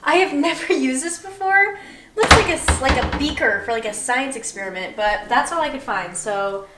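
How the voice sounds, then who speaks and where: Young woman, chatty, self-deprecating, slightly high voice, roomy kitchen, mic set back. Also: moderate pace, distant mic, noisy background. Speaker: vlogger. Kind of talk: casual baking vlog chat. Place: home kitchen.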